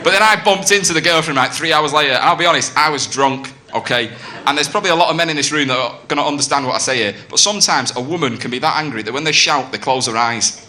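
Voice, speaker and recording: In a noisy live club recording, a brash comedian with a slightly high, sharp voice talks fast as he tells a story on stage, performing each character's voice. Laughter from the audience and room ambience fill the background.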